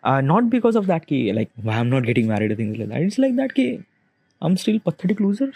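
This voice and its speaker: A man, giving a halting, rambling confessional monologue in which he questions himself aloud. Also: medium pitch, big pitch swings, vocal fry, a little mellow, poor audio. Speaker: vlogger. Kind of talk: confessional self-talk monologue.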